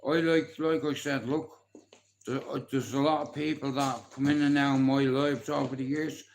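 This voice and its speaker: A man's voice: mid-range voice, little pitch movement, normal speed, vocal fry, rough recording. An Irish man in his forties, chatting on a live stream in a boastful, rambling way and swearing freely. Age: 40s. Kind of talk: casual live-stream chat.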